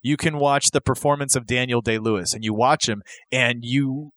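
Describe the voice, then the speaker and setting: An excitable man talking casually on a podcast, rambling with fillers and restarts. His voice sits at a middling pitch. The recording is dry and close, with no room sound. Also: normal speed, no room sound. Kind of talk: casual chat.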